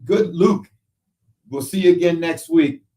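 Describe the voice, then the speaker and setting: A male show host telling lively stories in casual chat, often tagging lines with "right?". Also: on the high side, unhurried, far from the mic. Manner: animated storyteller, frequent "right?". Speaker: show host, football analyst.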